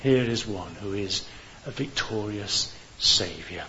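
A man's voice: on the low side, slow pace, pushed and bright. Male preacher, earnest and fervent; slightly muffled recording with faint hiss. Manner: earnest, rising to fervent appeals. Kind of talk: evangelistic sermon. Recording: dull hissy recording.

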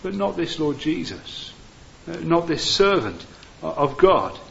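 A man preaching a sermon, earnest and gentle, with many "uh" fillers. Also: on the high side, sing-song, measured pace, gravelly, muffled recording, a little hiss or hum.

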